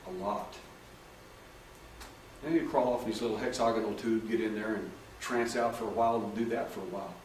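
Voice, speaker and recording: Animated storytelling man in an echoey hall. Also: fairly low pitch, a little fast. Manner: animated storyteller acting out dialogue in raised voices. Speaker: hypnotherapist speaking to an audience. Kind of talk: talk with audience questions. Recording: echoey room, far from the mic, faint noise.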